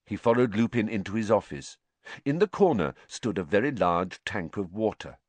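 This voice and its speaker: A man narrating an audiobook in an expressive storytelling manner. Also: fairly low pitch, no echo. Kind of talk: scripted narration.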